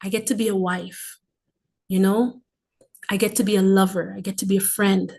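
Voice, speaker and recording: A female livestream host in her forties delivers a sincere testimony, driving points home through repetition and fervent emphasis. Her ordinary mid-range voice keeps a level tone at normal speed, broken by breathy, emotional asides and flashes of warmth.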